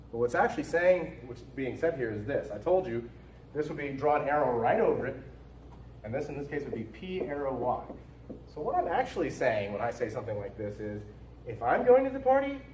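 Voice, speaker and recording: A man teaching a logic class in an emphatic style, repeating his warnings and punching key words, then dropping to quiet asides. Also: medium pitch, reverberant, far from the mic, slight background noise, poor audio. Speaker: logic instructor. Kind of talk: recorded lecture.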